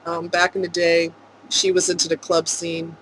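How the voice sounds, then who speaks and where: A woman's voice: on the low side, completely flat delivery, moderate pace, a little hiss or hum, poor audio. Earnest woman vlogger, heartfelt ramble. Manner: earnest, emotional, rambling, laughs softly. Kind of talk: heartfelt vlog monologue.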